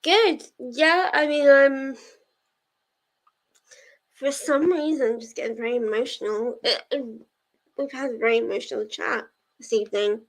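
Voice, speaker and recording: A woman with a high voice hosts a reading-sprint livestream at a moderate pace, pausing often. She chats casually with viewers, giggly and full of fillers.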